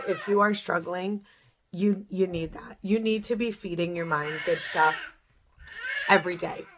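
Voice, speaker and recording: A woman's voice: lowish voice, background noise. A woman in her thirties giving an earnest, repetitive motivational pep talk to camera, as in a home beauty vlog. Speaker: beauty vlogger.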